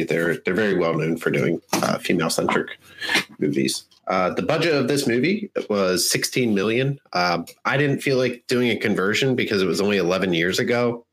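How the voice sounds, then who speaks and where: A man co-hosting a casual podcast chat, chatty and halting, with plenty of fillers. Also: low voice, fairly bright tone. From Minnesota, United States. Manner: chatty, laughs mid-sentence, halting fillers. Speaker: podcast co-host.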